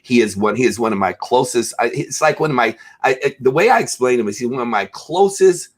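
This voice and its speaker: A man's voice: mid-range voice, animated, fairly quick. A man hosting a casual chat show over a video call, talking in long, rambling, effusive runs full of fillers. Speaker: host.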